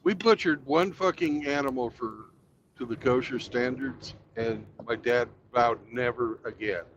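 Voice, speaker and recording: A man talks in a casual podcast chat, blunt and swearing freely. His voice sits in a middle pitch. It comes through a dull, lo-fi line with a faint hiss behind it. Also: unhurried.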